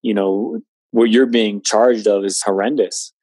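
A man's voice: fairly low pitch, fairly even intonation, measured pace, dark tone, no room sound. A man in his late twenties earnestly recounting a personal story in conversation, with many fillers. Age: 20s. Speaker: guest telling his story.

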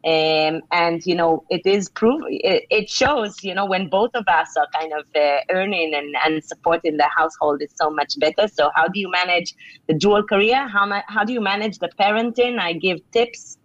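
A middle-aged woman author answering interview questions with earnest, conversational advice, filling pauses with "you know". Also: fairly low pitch, dry recording. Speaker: author and leadership speaker. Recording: dull lo-fi sound.

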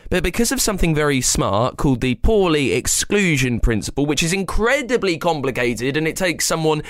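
A man with a slightly gravelly voice explains science to children in a playful, chatty way, often asking the listener questions. His pitch swings up and down with lots of life. The recording is dry and close, with no room sound. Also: very animated, a little fast, fairly bright tone, dry recording. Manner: playful, talks straight to young listeners. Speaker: host of a children's science podcast.

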